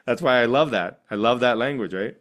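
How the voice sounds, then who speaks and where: A middle-aged man teaching a meditation class, animated and laughing often, with playful asides. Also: mid-range voice, a little fast.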